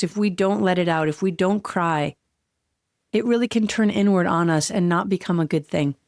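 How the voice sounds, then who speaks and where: A woman's voice: medium pitch, dry recording. Woman doing a solo podcast, heartfelt and earnest, medium voice, dry close mic. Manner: heartfelt, earnest, slows down on emotional words. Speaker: podcast host.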